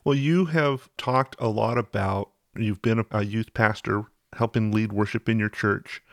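A man's voice: fairly low pitch, unhurried, vocal fry, dry recording. Man hosting a faith podcast, dry sound. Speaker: podcast host. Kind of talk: podcast interview conversation.

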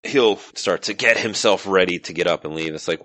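A man narrating as game master of a tabletop role-playing game, relaxed and measured. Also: low-pitched, no room sound, low-quality recording.

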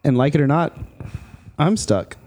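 A man's voice: on the high side, expressive, normal speed, darkish tone. A man co-hosting a podcast, chatting casually and laughing as he tells stories. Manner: laughs while telling stories. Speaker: podcast co-host. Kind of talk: casual chat. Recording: noisy home recording.

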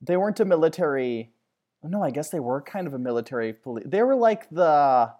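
A man's voice: a little high, animated, a little fast, warm tone. A man co-hosting a casual fan podcast, rambling, correcting himself mid-sentence and cracking jokes. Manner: rambling, self-correcting, jokey.

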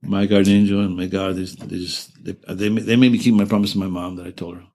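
A man in his seventies being interviewed, recalling events in a halting way with many restarts and self-corrections, earnest and emotional. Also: sits low, level tone, dark tone. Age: 70s. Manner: earnest and emotional while recounting. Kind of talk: oral-history interview recollection.

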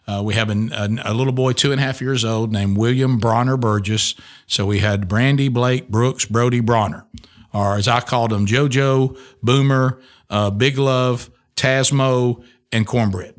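In a steady, mid-range voice, a middle-aged radio host unhurriedly shares an emotional personal testimony. He tells it earnestly and keeps restarting his sentences.

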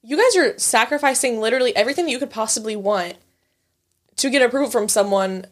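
Young woman, co-host, lively anecdote teller, casual cursing. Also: on the high side, quick pace. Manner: animated storyteller, swears, acts out her family. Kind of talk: casual chat.

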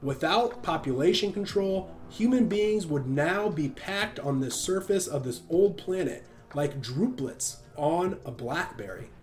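A pompous, preachy elderly doctor holds forth with emphatic certainty, as a male reader puts him on. The voice sits fairly high for a man, and soft music plays faintly underneath. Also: lively intonation, unhurried, few pauses. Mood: lecturing. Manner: lecturing, emphatic.

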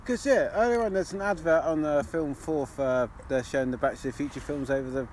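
Male co-host, slightly high-pitched, halting and easygoing. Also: a little mellow, slight background noise. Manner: hesitant, restarts often and laughs. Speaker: podcast co-host. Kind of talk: casual chat.

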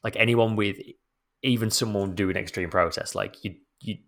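Male podcast co-host, very low gravelly voice, earnest and exasperated in relaxed conversation. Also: moderate pace. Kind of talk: casual chat.

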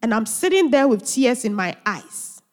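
A woman's voice: fairly high pitch, very animated, normal speed, a little mellow. A woman preacher delivering an earnest sermon full of emphatic rhetorical questions, heard in a church hall. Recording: long church hall reverb.

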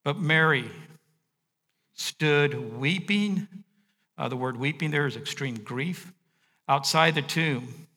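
A male pastor preaching a sermon, reading and unpacking scripture, dropping to a hush and then rising to emphatic points. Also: fairly high pitch, normal speed, in a large hall. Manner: expressive, swinging from hushed to emphatic.

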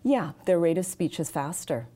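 Speaking in a lowish, dark-toned voice that stays animated, a woman who specializes in speech and accents gives measured, practical interview answers with frequent fillers.

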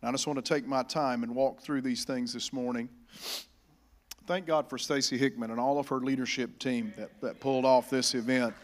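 A man preaching a sermon in a church, getting louder on scripture and calling the congregation to repeat after him. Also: mid-range voice, fairly even intonation, normal speed. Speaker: pastor.

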